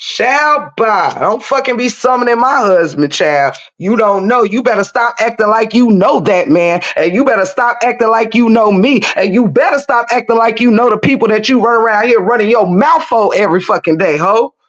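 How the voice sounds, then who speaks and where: A woman's voice: on the high side, expressive, normal speed, hardly any pauses, muffled recording. A woman delivering a profane, combative rant as an online commentator, taunting and cursing nonstop.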